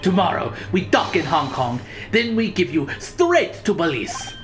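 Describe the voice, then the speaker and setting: A woman's voice: fairly low pitch, very animated, unhurried, over music. A woman voicing a blunt Russian ship captain in a put-on Russian accent and broken English. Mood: stern.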